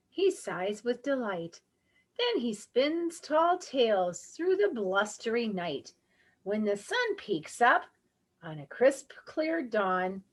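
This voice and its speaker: A woman reading a picture book aloud to children in an animated, dramatic way, with gasps and asides. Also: fairly high pitch, husky. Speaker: storybook reader.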